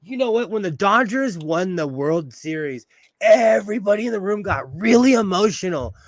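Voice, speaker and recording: A man's voice: high-pitched, moderate pace, dry recording. Laughing, chatty man on a dry mic. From Los Angeles. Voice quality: bald. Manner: chatty and laughing often, animated storytelling. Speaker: livestream host. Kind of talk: casual chat while sewing.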